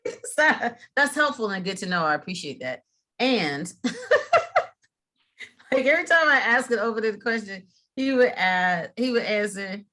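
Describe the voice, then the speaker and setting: Bright-voiced middle-aged woman trainer. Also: medium pitch, lively intonation, a little slow. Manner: chatty, frequent fillers and restarts. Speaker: mediation trainer. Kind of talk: casual training talk.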